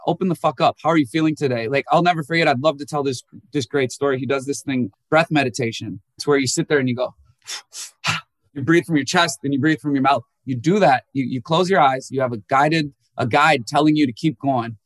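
A man's voice: a little fast, few pauses, no echo. A young man, a musician guest, telling candid and emotional stories and acting out quoted people in a raised voice. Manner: animated storyteller who acts out quotes in a higher voice. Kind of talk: candid emotional interview talk.

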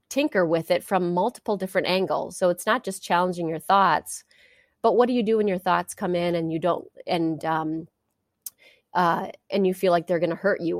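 Low gravelly woman telling a story. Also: no echo, studio quality. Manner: earnest, many fillers and restarts. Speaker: interview guest, sport psychology coach. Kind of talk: conversational interview storytelling.

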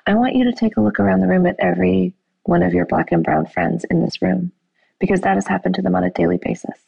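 Husky, gravelly woman telling a story. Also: fairly low pitch, fast, dry recording, lo-fi sound. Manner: animated storytelling, acting out quoted voices. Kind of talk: casual conversation.

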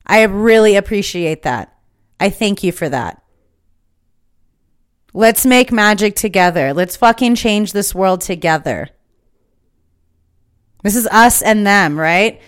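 A woman's voice: mid-range voice, animated, takes it slowly, long pauses, clean tone. A woman hosting her own podcast, giving an impassioned, emphatic spiritual monologue that is full of swearing. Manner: fired-up, emphatic, swears freely. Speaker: podcast host.

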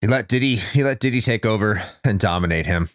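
A man co-hosts a casual podcast, ranting with sarcasm and frequent swearing. His pitch swings widely, climbing high when he gets worked up, and the recording is close and completely dry. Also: expressive, fairly quick, no echo. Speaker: podcast co-host.

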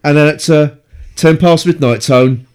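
A man's voice: on the high side, unhurried, a little mellow. A man hosting a podcast, giving a casual, sarcastic audio commentary and heckling what he watches with exasperation. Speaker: podcast host.

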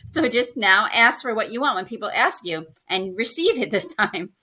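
A woman's voice: a little high, sing-song, normal speed, hardly any pauses, bright, forceful tone. A woman who works as a financial planner, a podcast guest telling a personal story in casual conversation and acting out her own past lines.

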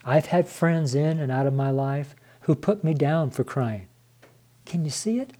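A man's voice: fairly high pitch, a little slow, dark tone. A man preaching an earnest devotional sermon to his viewers, emotional and close to tears, calling them his friends. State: tearful, voice near crying.

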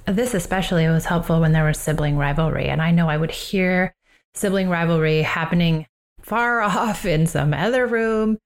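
A woman with a fairly low voice shares parenting advice on her own podcast. She sounds calm, earnest and reflective, and she slows down on the phrases she wants to land. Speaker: parenting coach and podcast host.

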